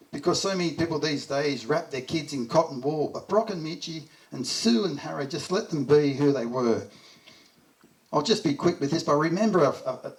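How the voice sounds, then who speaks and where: A middle-aged Australian man giving a heartfelt memorial speech, telling fond stories and chuckling as he goes. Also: fairly high pitch. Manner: heartfelt storytelling, chuckles through anecdotes. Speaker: eulogy speaker. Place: memorial gathering. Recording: voice distant from the mic.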